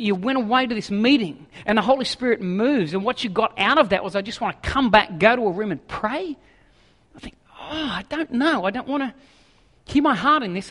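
A man preaching a sermon in a lively, jokey way, acting out voices as he goes. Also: sits high, long reverb tail. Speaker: pastor.

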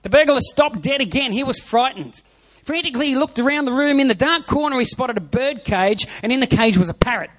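High-voiced man preaching emphatically. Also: expressive, a little fast, fairly bright tone. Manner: emphatic preaching with repeated phrases and a told joke. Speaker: pastor. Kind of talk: Easter sermon.

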